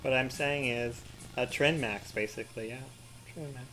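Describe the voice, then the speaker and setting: A man's voice: medium pitch, moderate pace, bright, forceful tone, soft background music. A man giving rambling, profane let's-play commentary, full of crude jokes and sarcastic mock rants. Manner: mock-ranting with sarcastic asides. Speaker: gaming commentator.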